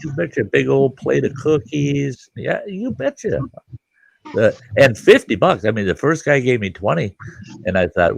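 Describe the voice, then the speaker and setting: A middle-aged man hosting a livestream, telling a rambling folksy story and jumping into loud voices for the people in it. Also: fairly low pitch, lively intonation, unhurried, creaky, pauses often, slightly rough, no room sound. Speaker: livestream host. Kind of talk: casual storytelling chat.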